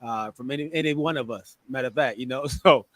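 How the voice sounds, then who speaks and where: A man hosting a casual sports podcast, greeting listeners with energetic shout-outs. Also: mid-range voice, fast talker, no room sound. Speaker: podcast host.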